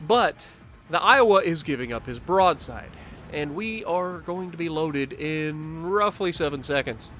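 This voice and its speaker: A man giving casual commentary over his own gameplay footage, upbeat and quick to chuckle. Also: fairly high pitch, bright, forceful tone. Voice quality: chuckles often, upbeat and talkative. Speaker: gaming commentator.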